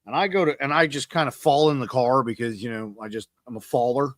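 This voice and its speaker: A man's voice: medium pitch, fast, no echo, studio quality. A man, hosting a podcast and telling rambling, self-deprecating stories in a casual monologue. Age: 30s. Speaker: podcast host.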